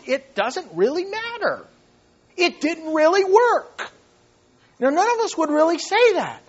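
Impassioned high-voiced male preacher. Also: dull audio. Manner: impassioned preaching, swinging from hushed to loud. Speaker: pastor. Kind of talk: sermon.

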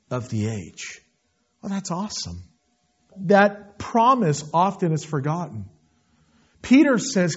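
High-voiced pastor giving an earnest sermon, gets loud then drops low, kinda muffled recording. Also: male voice, breathy edge. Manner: earnest preaching, swinging between loud emphasis and quiet low asides.

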